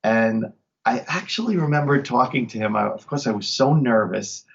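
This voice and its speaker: A man's voice: mid-range voice, normal speed, creaky, muffled recording, slight background noise. A man from Long Island, a magician, chatting enthusiastically as an interview guest. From Long Island, New York. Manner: enthusiastic, upbeat storyteller. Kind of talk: casual interview chat.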